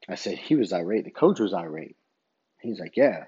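A man's voice: low-pitched, big pitch swings, normal speed, warm tone, husky, lo-fi sound. A man who referees basketball, casually telling a story in a rambling way and retelling each exchange line by line. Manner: rambling, retells dialogue with many "I said".

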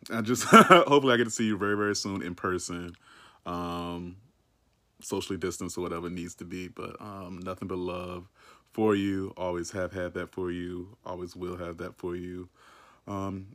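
A man's voice: deep voice, a bit bright. A man recording a casual, rambling birthday message for a friend, with many fillers.

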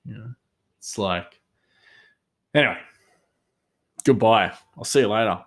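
A man's voice: on the low side, a little slow, a bit bright. A man hosting a solo talk show, rambling casually with many fillers and restarts. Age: adult father. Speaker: podcast host.

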